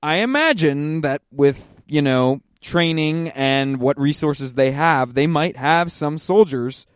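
A man co-hosting a podcast in casual chat, jumping in with quick, animated asides and speculation. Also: a little high, dry recording, clean studio sound. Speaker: podcast co-host.

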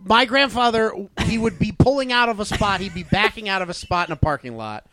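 A man co-hosting a podcast, telling animated stories in casual chat. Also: sits high, fairly quick. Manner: animated storyteller, stubborn bragging. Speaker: podcast co-host.

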